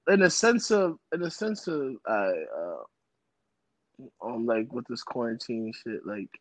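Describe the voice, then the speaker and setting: A man's voice: medium pitch, lively intonation, measured pace, no echo. A man co-hosting a podcast in casual chat, teasing his co-host in slangy talk. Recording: dull lo-fi sound.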